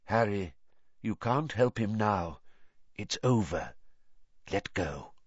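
A man voicing a very old, thin male headmaster, calm and gentle, speaking softly and steadily. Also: low voice, slow pace, slightly rough, no room sound, highs cut off, pitched below the performer's own voice, heavily acted.

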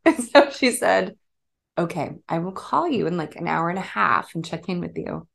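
A woman in her thirties chatting casually with her partner. She tells an animated story and laughs often. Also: on the low side, normal speed, vocal fry. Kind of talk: casual conversation.

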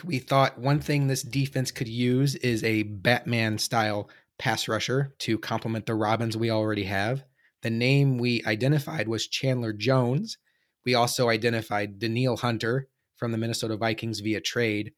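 A man hosts a casual sports podcast while fighting a cold, his voice hoarse and giving out. He keeps the banter playful and hyped anyway. His pitch sits in an ordinary middle range, recorded on a home podcast mic. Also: fairly even intonation, normal speed. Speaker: podcast host.

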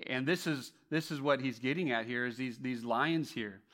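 Bright, animated preaching man. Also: medium pitch, moderate pace. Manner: animated storytelling, swinging from loud to hushed; frequent restarts and repeated words. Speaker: pastor. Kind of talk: sermon.

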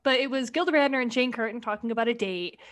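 A woman co-hosting a casual chat, retelling comedy sketches in a blunt, profane, animated way. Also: fairly high pitch, fast. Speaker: podcast co-host.

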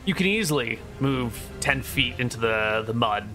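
A man's voice: mid-range voice, animated, pushed and bright, soft background music. A man narrating as game master in a tabletop role-playing game. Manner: measured, descriptive narration.

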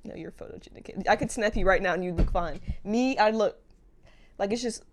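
A woman co-hosting a chatty podcast with her best friend. She talks quickly, in a mid-range voice. Her manner is blunt and profane, and she laughs easily. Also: mid-range voice, background noise. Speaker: podcast co-host. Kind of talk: casual chat.

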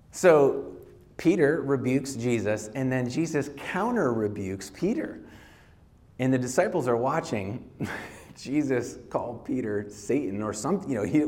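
A man's voice: medium pitch, animated, measured pace, darkish tone. A man preaching a sermon in a conversational way, laughing often and restarting his phrases. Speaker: pastor.

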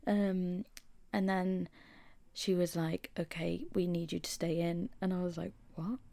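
A woman's voice: lowish voice, little pitch movement, unhurried, creaky, warm tone, no echo. A young Englishwoman hosting a casual podcast, telling a story, feeling shaky and unwell, with drops into whispers. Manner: chatty storytelling, dips into whispers for quoted asides. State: shaky, unwell after hospital. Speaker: podcast host. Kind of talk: casual solo chat.

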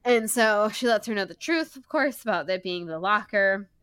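A young woman talks through a book chapter on a podcast, chatty and quick to laugh. Her voice is bright and forward, recorded dry and close with no room sound. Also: mid-range voice, animated, smooth, dry recording. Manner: chatty, laughing, filler-heavy recap. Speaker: podcast co-host. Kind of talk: casual book-club chat.

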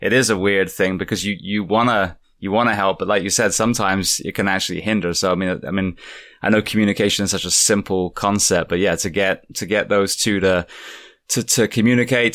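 A man's voice: low-pitched, steady tone, a little fast, a bit bright, dry recording. A man hosting a podcast, chatting casually with a guest and often restarting and repeating words. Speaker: podcast host. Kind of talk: casual interview chat.

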